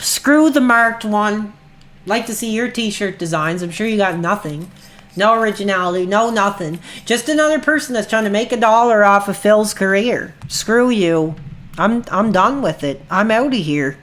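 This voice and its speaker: A woman's voice: mid-range voice, normal speed, fairly bright tone. A woman livestreamer ranting angrily at her chat in a heated, profane way. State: agitated. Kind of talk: angry livestream rant.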